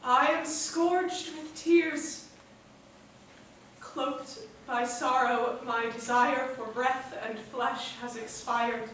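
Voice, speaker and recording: A woman's voice: high-pitched, fairly even intonation, a bit bright, exaggerated voice. A woman playing a heartbroken young man on a theater stage, mournfully declaiming verse. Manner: slow, mournful, poetic declamation. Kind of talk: live stage drama. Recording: echoey theater from far off, faint hum.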